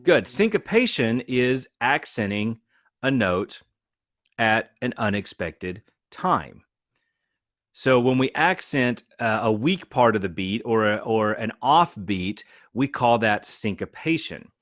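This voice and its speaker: A man teaching a music class, counting beats out loud and showing rhythms on guitar. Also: medium pitch, big pitch swings, slow, dry recording, lo-fi sound. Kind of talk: lecture.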